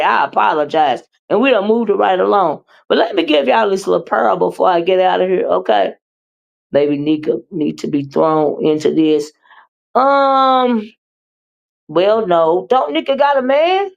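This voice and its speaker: A woman hosting a livestream, reading viewer comments and chatting with them in an animated, teasing way. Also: mid-range voice, normal speed, creaky. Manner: animated, teasing, with repeated "uh-uh" and laughter. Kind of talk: casual chat with viewers.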